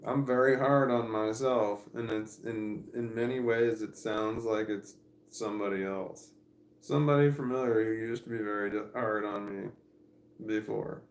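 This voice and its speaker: A man's voice: lowish voice, fairly even intonation, normal speed, echoey room. A man in his forties chatting casually on a livestream, rambling and candid as he thinks aloud. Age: 40s. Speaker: streamer.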